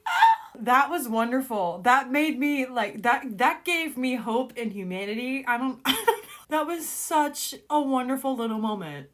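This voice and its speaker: A young woman chatting excitedly about a book she is reading, scolding its characters as if they could hear her. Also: fairly high pitch. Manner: excitable, chatty, talks straight to the book's characters. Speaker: book reaction vlogger. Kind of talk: casual reading reaction.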